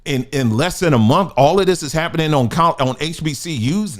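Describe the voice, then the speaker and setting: Here the online commentator's voice sits fairly high, expressive and fairly quick. Mid-rant, he throws out rhetorical questions and stumbles on repeated words as he presses his point.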